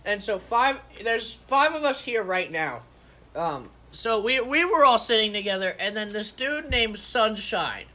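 Bright, high-voiced young man, deadpan. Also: a little slow. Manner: deadpan, self-mocking. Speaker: camp athletics director, co-host. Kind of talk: casual podcast chat. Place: cabin in the woods.

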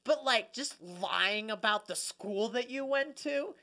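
Bright-voiced animated man co-hosting. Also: extremely high pitch, slow pace. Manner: animated, profane, rambling with restarts. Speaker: podcast co-host. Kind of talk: casual comedic chat.

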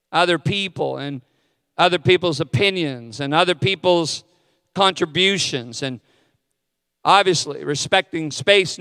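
Self-mocking pastor with a smooth voice. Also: male voice, high voice, bright, forceful tone, studio quality. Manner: candid, self-deprecating asides. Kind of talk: sermon. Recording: long hall reverb.

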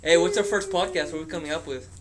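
A man's voice: fairly high pitch, steady tone, rapid-fire. Blunt, swearing young man in chat. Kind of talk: casual chat among friends.

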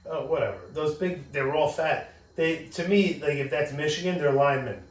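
A man's voice: fairly high pitch, a little fast. A man co-hosting a podcast, asking blunt questions and ranting his opinions in casual chat. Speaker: podcast co-host. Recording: echoey room, mic at a distance.

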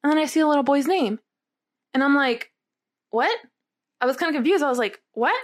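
A young woman with a slightly high voice tells a story in loose, casual chat. She is animated and swears freely. She keeps pulling the listener in with quick questions.

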